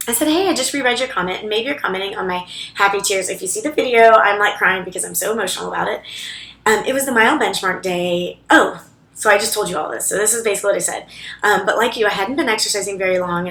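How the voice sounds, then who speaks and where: A woman's voice: mid-range voice, quick pace, creaky, a bit bright. Chatty woman vlogging in an echoey room. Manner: rambling, chatty, many fillers and restarts. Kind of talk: casual chat to camera. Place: co-working space office library.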